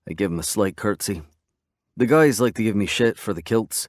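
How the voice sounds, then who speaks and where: A man narrating a romance audiobook in the first person, in a steady, conversational storytelling manner. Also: lowish voice, normal speed, dry recording, clean studio sound.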